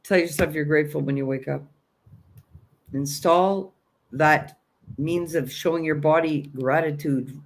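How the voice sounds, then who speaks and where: An earnest man with a slightly raised voice speaks as the host of a spiritual livestream. He gives a motivational self-help talk, encouraging and insistent, repeating his key phrases. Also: a little high.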